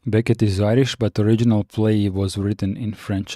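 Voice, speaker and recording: A man chatting casually on a live stream, reading out viewer comments and answering with frequent pauses and restarts. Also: on the low side, level tone, mellow, no echo, studio quality. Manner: halting, many fillers and restarts, reads chat aloud.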